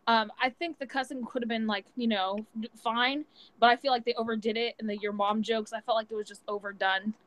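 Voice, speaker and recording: A woman's voice: on the high side, steady tone, a little fast, fairly bright tone, rough recording. A young woman co-hosting a casual chat, blunt and profane, with many filler words. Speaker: podcast co-host.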